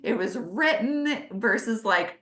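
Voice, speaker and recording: A woman in her forties teaching a leadership webinar over a video call, animated and emphatic, leaning into key words. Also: on the high side, slow pace, reverberant. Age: 40s. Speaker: leadership consultant hosting a webinar.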